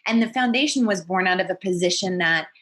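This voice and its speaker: Speaking quickly in a mid-range, fairly bright voice, this thirtysomething woman is a podcast guest recounting something personal. She's candid and earnest, voicing the words of others as she goes.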